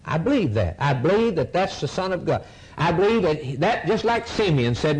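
Fiery preacher, wildly swinging pitch. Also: male voice, big pitch swings, moderate pace, a little hiss or hum, poor audio. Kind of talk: fiery sermon.

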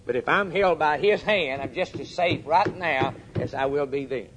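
Emphatic preacher man, soft to loud. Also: moderate pace, slightly rough. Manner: emphatic, swinging from loud urgent peaks to soft low drops; addresses the congregation directly with questions. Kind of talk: sermon.

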